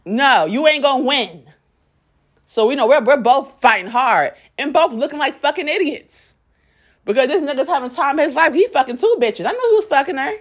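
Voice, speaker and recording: A woman's voice: high voice, lively intonation, a little fast. A young adult woman telling a personal story to her viewers in a blunt, profane, candid way, often acting out what people said. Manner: dramatic storyteller, acts out quotes. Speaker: vlogger.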